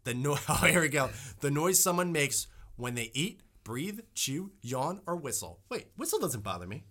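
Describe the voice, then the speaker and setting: Bright-voiced young man in loose, profane podcast banter. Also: on the high side, very animated, normal speed. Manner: loose, joking, swears freely. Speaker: podcast co-host. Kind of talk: casual chat.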